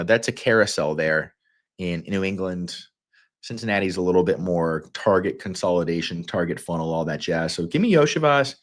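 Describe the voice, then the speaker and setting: Southern male stream host, low-pitched, goofy and rambling, quick bursts of energy. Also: a bit bright. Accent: Southern American. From Kentucky. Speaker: fantasy football livestream host. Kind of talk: casual livestream talk.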